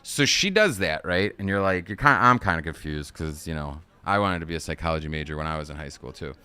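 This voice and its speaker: A man's voice: deep voice, expressive, fast talker, pushed and bright, smooth. A man recapping a kids movie on a live stream in a casual, rambling way, swearing often and laughing at his own jokes.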